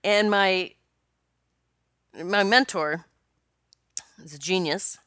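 A woman's voice: mid-range voice, extremely slow, a bit bright, clean tone, no room sound, clean studio sound. A woman hosting her own podcast as a spiritual coach, telling a personal story in a chatty, rambling way with many restarts and laughs. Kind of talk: casual solo podcast storytelling.

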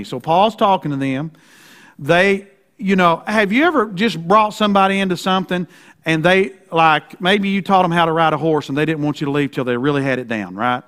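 High-voiced folksy preacher. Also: male voice, a bit bright. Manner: folksy and emphatic, often asks "right?"; slows down to read scripture deliberately. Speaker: pastor. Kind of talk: sermon.

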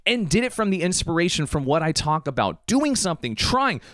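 A man's voice: a little high, big pitch swings, brisk, a bit bright, no echo, clean studio sound. A man hosting a podcast and delivering an enthusiastic, hyped-up pep talk. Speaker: podcast host. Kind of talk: motivational podcast monologue.

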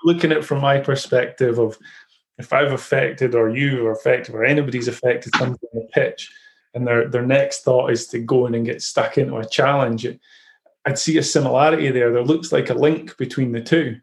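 Male host, coach type, mid-pitched, thoughtful and stop-start. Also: fairly even intonation, gravelly. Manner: reflective, halting with frequent restarts. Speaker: podcast host and football coach. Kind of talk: casual interview.

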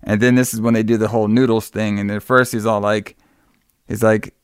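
A man recapping a movie in casual chat, with a smooth, resonant voice and a rambling, profane way of talking full of fillers. The sound is dry and close. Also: on the low side, little pitch movement, a little fast, no echo. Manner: rambling, swears, lots of "like".

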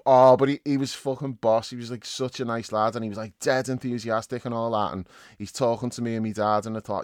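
A man co-hosting a casual football chat, telling stories in an animated way with plenty of swearing and laughter. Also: medium pitch, fairly quick, dry recording, clean studio sound. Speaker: football podcast co-host. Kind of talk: casual match reaction chat.

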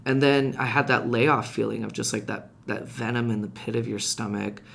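A man telling a personal story in casual podcast chat, animated and rising in pitch when reliving heated moments. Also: normal speed, creaky, slight background noise. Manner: frequent restarts and fillers, conversational. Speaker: podcast guest.

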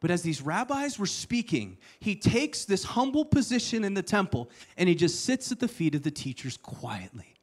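A man preaching a sermon, telling the story with playful asides and sudden hushed lines. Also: high-pitched, sing-song, normal speed, hardly any pauses. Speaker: pastor.

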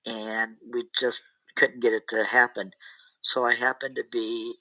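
A man's voice: mid-range voice, little pitch movement, unhurried, sharp tone, no room sound, poor audio. A middle-aged man, an entertainer, telling a rambling story in a casual interview with many restarts and asides.

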